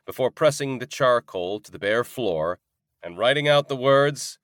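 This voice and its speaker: A man narrating a first-person audiobook in an expressive, conversational way. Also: mid-range voice, normal speed, no room sound, clean studio sound.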